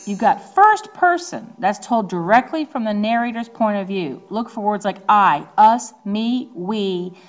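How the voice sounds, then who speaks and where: A woman teacher from the Northeastern United States giving a casual recorded lecture, explaining terms with frequent ums and slowing down to stress key words. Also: medium pitch, dull audio.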